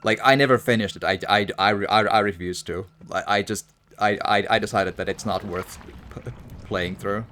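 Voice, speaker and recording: A man's voice: lowish voice, steady tone, normal speed, bright, forceful tone, slight background noise. A man commenting casually while playing a game, rambling and stammering through a rant. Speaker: gaming streamer. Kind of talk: casual let's-play commentary.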